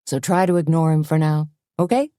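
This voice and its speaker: A woman's voice: low-pitched, fairly quick, warm tone, no echo, studio quality, close to an everyday voice. A woman voicing an easygoing, folksy bartender in an audiobook. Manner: folksy and offhand.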